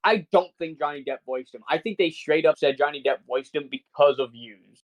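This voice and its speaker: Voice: medium pitch, normal speed. A podcast co-host ranting in casual chat, swearing constantly and sounding incredulous.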